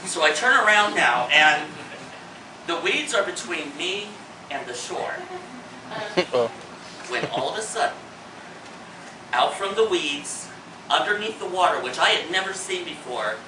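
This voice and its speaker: Animated man telling a stage comedy story. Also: fairly high pitch, a little slow, pauses often, distant mic. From Indiana. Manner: animated, acts out his panic, shrieks lines. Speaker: storyteller in a one-man show. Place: theater stage with a live audience. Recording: roomy hall, mic from afar, noisy.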